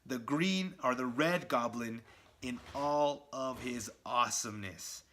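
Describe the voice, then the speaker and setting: A man giving an excited, chatty review of a comic book, talking straight to his viewers. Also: mid-range voice, measured pace. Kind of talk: casual video review.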